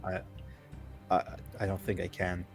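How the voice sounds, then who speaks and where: A man's voice: deep voice, monotone, a little slow, breathy edge, soft background music. A man playing a tabletop game, talking casually and often stammering. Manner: hesitant, stammering. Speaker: player.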